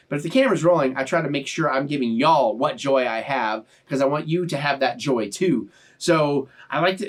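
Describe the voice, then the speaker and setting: Young guy vlogging, emotional and sincere, lots of restarts, mic a bit far off. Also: mid-range voice. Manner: earnest, emotional, rambling with many restarts. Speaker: YouTube reaction channel host. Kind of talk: casual heartfelt talk to viewers.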